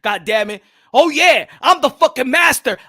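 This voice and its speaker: Man, boxing vlog host, shouting profane rant, dry close mic. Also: very high-pitched, lively intonation, moderate pace, no room sound. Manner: loud, shouting, profane, mixes English and Spanish. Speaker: boxing commentary channel host. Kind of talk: ranting video commentary.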